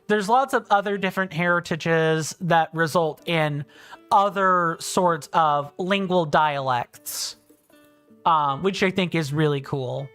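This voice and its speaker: A thirtyish man with a British-sounding accent, though he's from South Carolina, hosts a laid-back game livestream, reading chat in a rambling, friendly way full of fillers and restarts. His voice is fairly high, slow, smooth and fairly bright, over soft background music.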